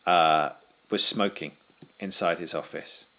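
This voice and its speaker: Guy, lowish voice, deadpan jokey chat. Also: a little slow. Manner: deadpan, joking, absurd banter. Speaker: podcast co-host. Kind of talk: casual chat.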